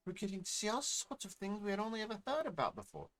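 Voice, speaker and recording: A man's voice: sits high, big pitch swings, fast talker, fairly bright tone, a little hiss or hum, pitched above the performer's own voice, exaggerated voice, poor audio. A man voicing a proud, chatty young village woman who is the brother's sister.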